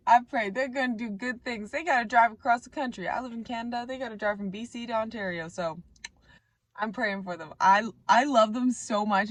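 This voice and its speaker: A young woman with a naturally raspy voice, rambling and joking about herself in a casual vlog. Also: on the high side, dry recording. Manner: rambling, chatty, self-mocking. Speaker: vlogger. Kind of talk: casual chat to camera. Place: Canada.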